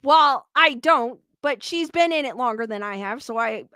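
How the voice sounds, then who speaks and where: Bright, high-voiced woman streamer. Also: animated, moderate pace, no room sound. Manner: rambling and candid, with restarts and frustrated venting. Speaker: paranormal YouTube host live-streaming. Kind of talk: casual livestream chat, reading viewer comments.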